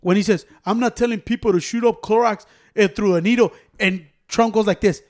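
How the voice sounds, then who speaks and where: A man co-hosting a casual podcast, talking loud and animated with a swearing, joking manner. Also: high voice, fairly quick. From Mexico. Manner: loud, animated, mixes in Spanish slang. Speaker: podcast co-host. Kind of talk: casual profane chat.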